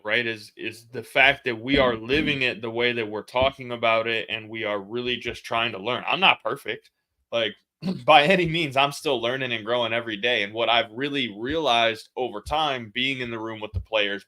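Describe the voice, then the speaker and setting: A man's voice: mid-range voice, pushed and bright. A man in his thirties, a podcast guest, telling candid stories about sales and family in casual slang. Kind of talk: casual interview chat.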